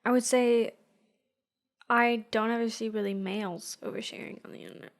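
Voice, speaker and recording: A woman's voice: on the high side, steady tone, normal speed. A young adult woman co-hosting a podcast in casual chat, talking with many fillers and frequent laughs. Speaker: podcast co-host.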